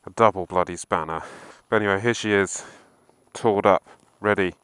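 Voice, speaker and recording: A man's voice: lowish voice, moderate pace, fairly bright tone, clear, resonant tone, no room sound, low-quality recording. Exasperated man on a snowy motorbike. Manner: swearing, exasperated running commentary. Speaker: motorcycle vlogger. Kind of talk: casual video diary. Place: on a motorbike in snow, outdoors.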